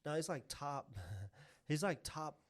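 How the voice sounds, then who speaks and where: A man's voice: on the high side, expressive, takes it slowly. Podcast co-host, man, casual, rambling explainer, lots of fillers. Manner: rambling, with many fillers and restarts while explaining trivia. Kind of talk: casual chat.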